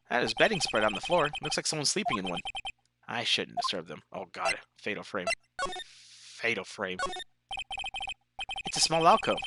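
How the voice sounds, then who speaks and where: Lively let's player reading game text. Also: medium pitch, very noisy. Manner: reads game text aloud with joking asides. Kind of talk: casual gameplay reading. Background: game music.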